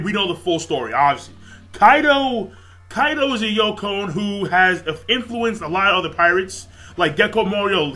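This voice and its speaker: A man giving a casual recap and review of an anime episode, excitable and profane, rambling with lots of fillers. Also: sits high.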